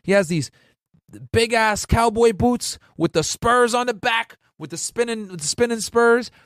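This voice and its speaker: A man's voice: very high voice, measured pace, dry recording, clean studio sound. A man in his thirties from Connecticut, a former federal agent telling stories to viewers in a loose, rambling, slangy way. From Connecticut, US Northeast. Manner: slangy and profane, peppered with "bro" and "right?"; rambling, with frequent restarts. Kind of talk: casual storytelling to viewers.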